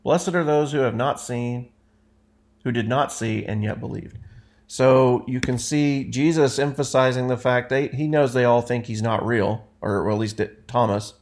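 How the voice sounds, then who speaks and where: A man's voice: medium pitch, fairly even intonation, normal speed, a little mellow. A man leading an informal Bible study, reading passages aloud and explaining them in a conversational way, often correcting himself. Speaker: Bible teacher.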